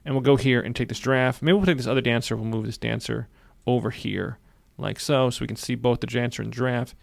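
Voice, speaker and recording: A man walks through a software tutorial at a brisk clip, his voice gravelly. He is upbeat and says many lines twice as he clicks along. The sound is dry and close, with no room around it. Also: mid-range voice, fairly even intonation, dry recording. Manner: upbeat, repeats phrases while narrating clicks. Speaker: software instructor. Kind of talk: screen-recorded tutorial.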